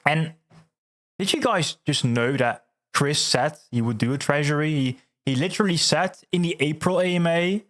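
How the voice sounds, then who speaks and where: A man hosting a livestream, chatting casually and reading out viewer comments, excitable, laughing often and repeating words. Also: fairly high pitch, measured pace. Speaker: livestream host.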